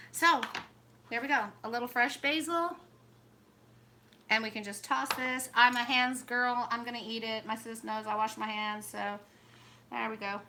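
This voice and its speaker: A woman with a drawl talks her viewers through a home cooking demo in a bright, chatty way. Her voice sits a little high. Frying food sizzles clearly in the kitchen behind her. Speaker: cooking vlog host. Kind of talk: casual cooking demonstration. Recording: noisy kitchen with sizzling pan.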